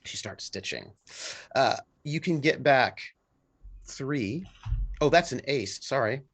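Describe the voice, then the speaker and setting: Slow, gravelly game master narrating. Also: male voice, mid-range voice, lively intonation, fairly bright tone. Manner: unhurried descriptive narration with pauses.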